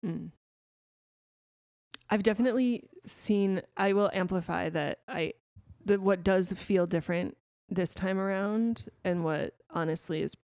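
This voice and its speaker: A woman in her thirties hosting a podcast, talking candidly and reflectively, with frequent restarts and soft laughs. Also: mid-range voice, unhurried, no echo, clean studio sound. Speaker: podcast host. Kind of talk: candid conversational podcast talk.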